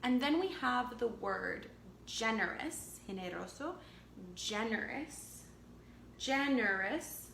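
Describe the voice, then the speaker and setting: Woman, English teacher, very slow careful delivery, fairly high voice, echoey room, faint noise. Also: expressive, creaky, a bit bright. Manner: slow, deliberate, repeats words and translates into Spanish. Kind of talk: slow bilingual language lesson.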